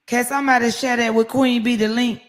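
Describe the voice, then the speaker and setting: A woman hosting a casual livestream from her phone, telling stories in a lively, profane way. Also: on the high side, brisk. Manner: lively, profane storytelling with laughs. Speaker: livestream host.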